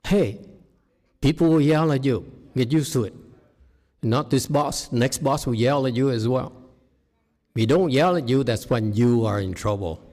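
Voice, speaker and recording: A man teaching as a meditation master in a dharma talk, shifting from quiet murmurs to loud, laughing exclamations. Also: mid-range voice, normal speed. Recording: long hall reverb.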